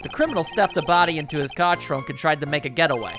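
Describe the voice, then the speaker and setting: A man doing an eager, loud police detective. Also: on the high side, fast talker, over music, natural voice. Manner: loud, eager "yes, sir".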